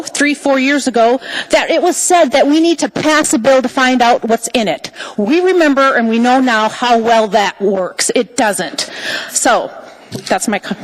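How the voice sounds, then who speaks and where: A woman's voice: high voice, poor audio. Indignant woman testifying before council. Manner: impassioned, indignant, rhetorical questions. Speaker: public testifier. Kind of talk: public testimony at a city assembly. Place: council chamber.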